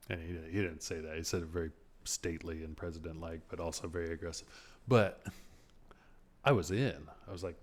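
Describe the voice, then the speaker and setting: A man with a very deep, low voice holds forth as a podcast host. He rambles, swears freely and turns sarcastic, breaking into laughs as he vents. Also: steady tone, a little fast. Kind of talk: casual movie rant.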